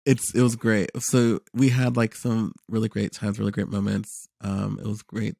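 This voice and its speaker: A young man in casual chat, telling a lively story with lots of fillers and repeated words. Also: lowish voice, normal speed, vocal fry, no room sound, clean studio sound.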